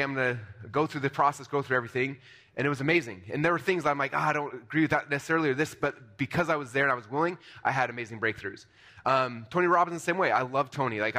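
A man giving a motivational seminar talk to a live audience, energetic and conversational, with many fillers and restarts. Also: medium pitch. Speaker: seminar speaker.

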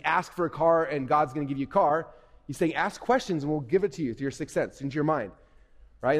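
Man, middle-aged, youth event speaker, animated, fast-paced, long hall reverb. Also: on the high side. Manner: animated, acts out inner voices, asks the audience questions. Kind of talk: energetic stage talk to kids. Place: large hall on stage.

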